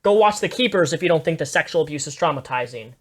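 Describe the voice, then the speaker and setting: A woman's voice: deep voice, lively intonation, fast. Woman, live reaction commentator; blunt, profane, stammery when heated.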